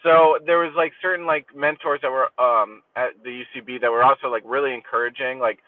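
Male comic on a tinny call line, animated crude riffing. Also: mid-range voice, a little fast, no room sound, distant mic. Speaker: comedian. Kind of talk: casual podcast chat.

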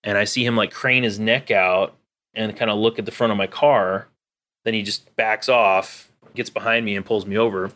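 Guy with a lowish voice, chill rambling story, lots of likes and you knows. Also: steady tone, a little fast, pushed and bright. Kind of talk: casual chat.

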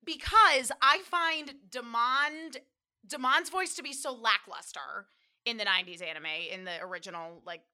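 A woman co-hosting a podcast, chatting casually about an anime, excitable and laughing often. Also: fairly high pitch. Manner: excitable, laughs often, quick back-and-forth. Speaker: podcast co-host.

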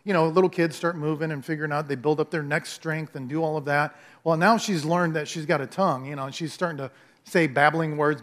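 A man's voice: fairly high pitch, steady tone, brisk, a bit bright. A male pastor preaching a sermon in a conversational, storytelling way, acting out bits of dialogue.

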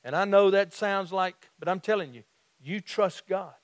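Southern guy preaching, kinda high voice, folksy, repeats himself a lot, dry sound. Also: no echo. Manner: folksy, repeats and restarts phrases, slows for emphasis. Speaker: pastor. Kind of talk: sermon.

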